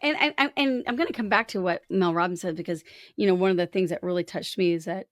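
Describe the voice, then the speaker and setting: A woman's voice: on the low side, fast talker, no echo. A woman co-hosting a podcast in casual conversation, speaking frankly and acting out quoted thoughts with expression. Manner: frank, candid speech. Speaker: podcast co-host.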